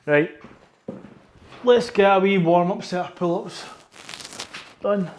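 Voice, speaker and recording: A man's voice: high voice, takes it slowly, echoey room, a little hiss or hum. Scottish man chatting mid-workout. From Scotland. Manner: relaxed, chatty, says "wee" a lot, reads and answers chat questions. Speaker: powerlifter streaming his training. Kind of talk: casual live-stream chat while training.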